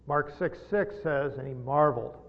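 Middle-aged preacher in an echoing hall. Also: male voice, fairly high pitch, vocal fry. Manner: earnest, halting repetitions, rises to emphatic peaks. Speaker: pastor. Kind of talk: sermon. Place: church sanctuary. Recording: dull sound with long hall reverb.

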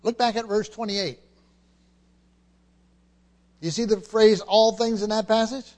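Emphatic high-voiced male preacher. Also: fairly even intonation, measured pace, darkish tone, big-room sound. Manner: emphatic, repeats key phrases, frequent restarts. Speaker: pastor. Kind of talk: expository sermon.

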